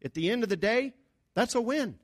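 A pastor preaching a sermon in an earnest, conversational way, with emphatic rises on key points. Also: male voice, very high-pitched, expressive, a little fast, no room sound, clean studio sound.

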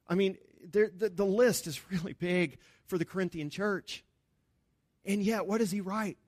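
Guy preaching a sermon, pitched a bit high, earnest and chatty, punches up the big lines. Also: normal speed, a little mellow, no echo, clean studio sound. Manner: earnest, conversational preaching with emphatic rises. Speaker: pastor.

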